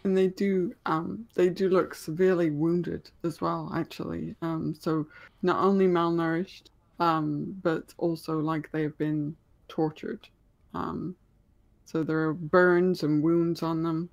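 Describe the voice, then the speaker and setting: A woman's voice: deep voice, fairly even intonation, takes it slowly, gravelly, a little mellow, dull audio. A woman running a tabletop game as game master, narrating scenes in a hesitant way with many ums.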